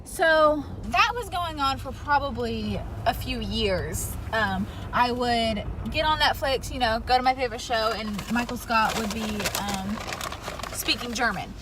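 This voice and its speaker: A woman vlogger from the United States telling playful stories in casual chat while riding in a car. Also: fairly high pitch. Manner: lively storyteller, quick and playful. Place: inside a moving car. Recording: car noise behind.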